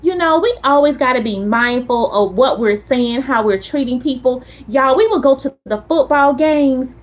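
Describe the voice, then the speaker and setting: Woman host with a high voice, chatty and animated, casual stream talk, muffled lo-fi sound. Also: normal speed. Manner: chatty, animated storyteller, talks straight to viewers. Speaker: content creator host. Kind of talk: casual livestream chat.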